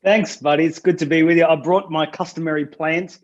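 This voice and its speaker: A middle-aged man with an Australian accent spins chatty, joking stories about his past in a relaxed interview. His voice sits a little high for a man. The video-call audio sounds muffled and lo-fi. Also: a little fast, faint music behind. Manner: chatty, jokey anecdotal storyteller. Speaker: pastor, guest. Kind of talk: casual storytelling interview.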